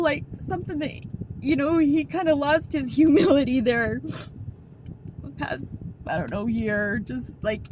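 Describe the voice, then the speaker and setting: High-voiced middle-aged woman, noisy recording. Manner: halting, emotional, with soft laughs and restarts. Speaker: vlogger. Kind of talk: personal storytelling to camera.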